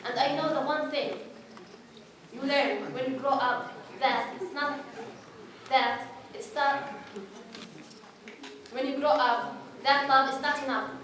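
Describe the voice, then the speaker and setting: A woman's voice: sits high, fairly even intonation, slow pace, pauses often, fairly bright tone. An actress playing a hurt daughter who reflects earnestly on her mother, repeating herself, in a stage monologue. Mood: bitter. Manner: searching, repeating lines, earnest. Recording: echoey hall, mic far off, noisy.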